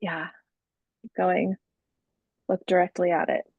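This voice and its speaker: A woman co-hosting a casual spiritual podcast, chatting gently and laughing often as she reads from an oracle deck. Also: on the low side, little pitch movement, measured pace, breathy edge, no echo, narrow, tinny audio. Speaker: podcast co-host. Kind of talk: casual spiritual chat, reading oracle cards aloud.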